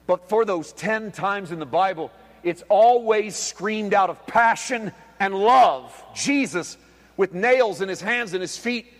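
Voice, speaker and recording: A man preaching a sermon as pastor, swinging between hushed, quiet lines and loud, emphatic ones. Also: sits high. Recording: long hall reverb.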